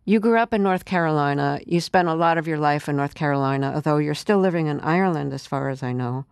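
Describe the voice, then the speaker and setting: A radio-style interview host who delivers a measured, informative introduction and then asks the guest questions. The voice is smooth and resonant. It is recorded close and dry, with no room sound. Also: mid-range voice, no echo.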